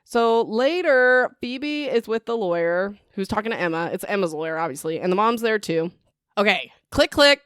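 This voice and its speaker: Young woman, book podcast host; chatty recap style, smooth clear voice, dry close sound. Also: medium pitch, fairly quick, no room sound. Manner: chatty, lots of "like" and "whatever", excitable asides.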